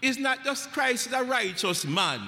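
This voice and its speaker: A man with a very high-pitched, expressive voice, a little slow, creaky, pushed and bright, teaches a sermon-style Bible study in a church hall. He is emphatic, repeats phrases and asks the congregation questions as he goes. The hall is echoey with long reverb.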